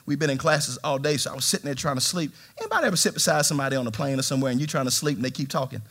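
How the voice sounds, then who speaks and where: A man preaching a sermon in a church, animated, with swings from shouts to hushed tones and humor aimed at the congregation. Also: mid-range voice, racing. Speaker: pastor. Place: church sanctuary.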